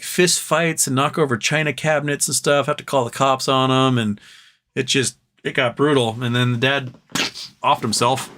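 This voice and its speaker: A man's voice: medium pitch, a bit bright. A man hosting a late-night livestream, chatting casually in a rambling, profane way and chuckling at his own jokes. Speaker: livestream host.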